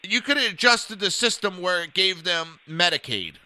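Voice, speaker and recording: A man's voice: sits high, expressive, moderate pace, bright, forceful tone, dry recording. A man co-hosting a casual political talk show, chatty and agreeable, bringing up news items.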